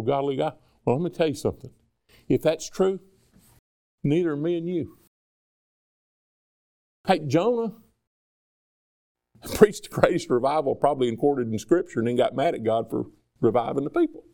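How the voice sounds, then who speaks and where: A man's voice: mid-range voice, animated, normal speed, creaky, long pauses, mellow. A man preaching a sermon in a conversational way, acting out dialogue between people and God. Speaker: pastor.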